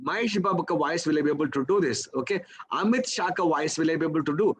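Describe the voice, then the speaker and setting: High-voiced Indian English man teaching. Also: fast talker, husky, rough recording. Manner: coaxing, peppers talk with "okay?" and "right?"; poses rhetorical questions to the class. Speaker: memory trainer. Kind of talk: live teaching session.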